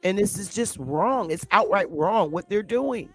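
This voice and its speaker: Over faint music, a woman with a slightly rough, mid-range voice and lively intonation delivers an unhurried, unscripted opinion rant for her commentary vlog. She's blunt, defiant, and combative, swearing heavily and hammering her points through repetition.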